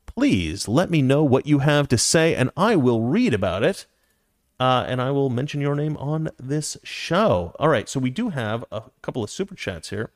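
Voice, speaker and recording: A man in his forties hosts a casual political talk show, speaking from a close, dry microphone with no room sound. His voice sits at an ordinary middle pitch, and he talks in an opinionated way, straight to his audience. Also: very animated, moderate pace, no echo. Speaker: show host. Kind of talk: casual political commentary with viewer chat.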